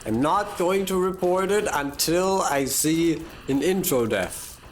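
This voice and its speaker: A man streaming a game live, rambling in casual chat with self-mocking jokes and drawn-out fillers. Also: fairly high pitch, lively intonation, slight background noise.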